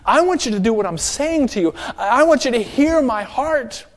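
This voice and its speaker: A man voicing a gentle divine figure who speaks earnestly. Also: very high-pitched, animated, moderate pace, voice pushed up.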